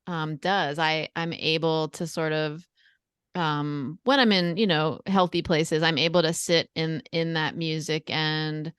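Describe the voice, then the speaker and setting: Smooth, low-voiced woman podcast host. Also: fairly even intonation, measured pace, a bit bright, dry recording, studio quality. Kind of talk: casual book discussion.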